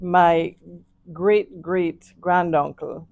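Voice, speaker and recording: A Jamaican woman being interviewed as an author, speaking in a measured, reflective way. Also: lowish voice, fairly even intonation, gravelly, a little mellow, no room sound, lo-fi sound. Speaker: author guest. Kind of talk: interview conversation.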